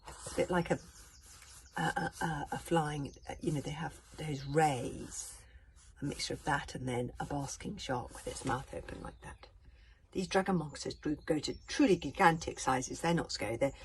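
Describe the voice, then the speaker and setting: A woman reading a storybook aloud in a hushed whisper, breaking into chatty asides. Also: sits low, normal speed, a little hiss or hum. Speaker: narrator.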